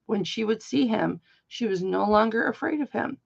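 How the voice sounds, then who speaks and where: A woman's voice: medium pitch, lively intonation, normal speed, creaky, husky. An older woman telling a rambling personal story in a chatty, casual way, full of asides, on dull lo-fi audio. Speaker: live auction host.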